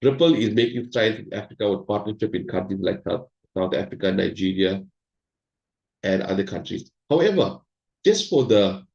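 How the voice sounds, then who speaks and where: A man hosting an online meeting, giving an animated, hyped presentation and talking straight to his audience over a video call. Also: sits low, moderate pace, gravelly, reverberant, dull audio. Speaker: host of an online crypto meeting.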